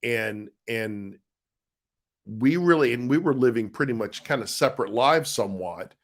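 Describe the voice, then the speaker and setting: A man's voice: mid-range voice, animated, normal speed. A middle-aged man co-hosting a casual live stream, chatting in a rambling, easygoing way as he answers viewer comments. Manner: easygoing, rambling, with frequent restarts and laughs. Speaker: co-host of a live chat show, husband of the author.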